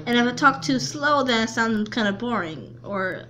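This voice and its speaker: Halting high-voiced woman vlogger. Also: expressive, background noise. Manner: halting, with frequent restarts and repeated words. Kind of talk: casual chat to camera.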